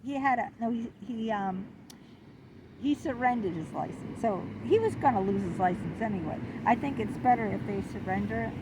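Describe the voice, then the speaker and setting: A middle-aged woman vlogger telling a personal story in an indignant, animated, exclaiming way. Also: mid-range voice, noisy background. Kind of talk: confessional storytelling to camera.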